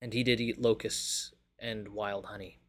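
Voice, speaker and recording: A man hosting a daily Bible reading, praying and reading scripture aloud in a measured, reverent way. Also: fairly low pitch, little pitch movement, fairly bright tone.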